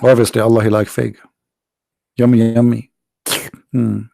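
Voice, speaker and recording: Gravelly-voiced man, sarcastic and tired. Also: mid-range voice, level tone, normal speed, dark tone, no room sound, studio quality. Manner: sarcastic, mocking, rhetorical questions. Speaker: video host and preacher. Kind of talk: mocking commentary monologue.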